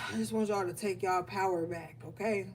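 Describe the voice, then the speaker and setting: A woman's voice: mid-range voice, fairly even intonation, a little fast, faint music behind. A woman giving a spiritual reading, emotional and affirming as she speaks straight to her viewers. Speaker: tarot reader. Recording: distant mic with faint room noise.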